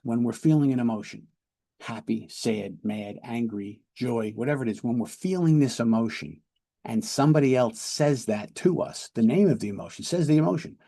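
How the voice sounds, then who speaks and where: A police lieutenant teaches de-escalation in a plain lecture style, often doubling his words and asking "right?". His voice is gravelly, husky and dark in color, and his pitch sits in a middle range. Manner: explanatory, repeats words and checks in with "right?". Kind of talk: training lecture.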